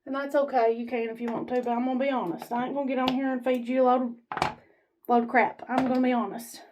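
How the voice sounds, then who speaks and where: A woman's voice: high voice, flat delivery, fast, noisy background. A woman vlogger giving a blunt, rambling, folksy motivational talk to her camera, standing as she films herself. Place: standing while filming herself.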